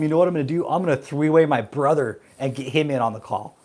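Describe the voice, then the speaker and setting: A man's voice: fairly high pitch, quick pace, few pauses. Profane laughing male vlogger. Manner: profane, laughing often, rambling. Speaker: channel host. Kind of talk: casual vlog rant.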